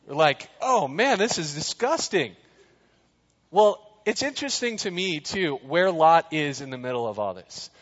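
A man preaching a relaxed sermon, chatty and quick with jokes, turning to the room with questions. His voice sits a little high for a man. It rings out in a large hall with a long tail of reverb, and the sound is slightly dull. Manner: chatty, jokey, asks the crowd questions. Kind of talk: casual sermon.

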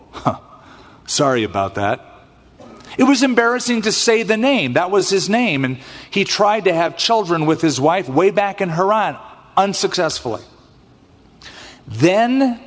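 Male pastor, higher voice, expressive sermon delivery, reverberant sanctuary sound. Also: measured pace. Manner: expressive preaching that acts out scripture voices. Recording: long hall reverb.

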